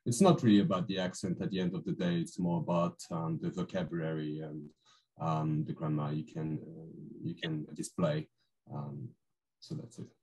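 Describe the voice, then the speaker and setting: A man talks on a webinar panel over a video call. His voice sits very low and dark, and he stops often for fillers. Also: level tone, moderate pace, poor audio. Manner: hesitant, many fillers.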